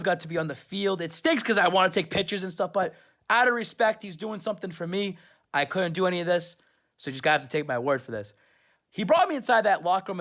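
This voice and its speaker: High-voiced rambling man telling a story. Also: a bit bright. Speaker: superfan vlogger. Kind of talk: casual storytelling recap.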